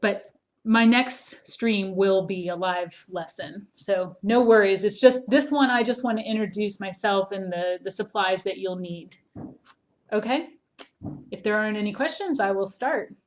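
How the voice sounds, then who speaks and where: A woman's voice: medium pitch, unhurried. A woman with a mild Southern accent chats through a home livestream as an art teacher. Her talk is loose and rambling, peppered with ums and false starts. She keeps an easy, casual flow with her viewers. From Charleston, South Carolina, US. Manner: chatty and rambling, many ums and restarts.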